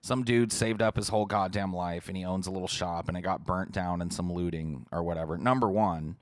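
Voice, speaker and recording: Ranting, profane low-voiced man. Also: brisk, dry recording, studio quality. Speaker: podcast host. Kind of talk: livestream rant answering chat.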